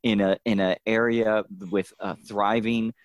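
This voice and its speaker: A man with a lowish voice on a casual sports podcast. He gives calm, measured counterpoints in an easygoing way. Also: no echo. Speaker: podcast co-host.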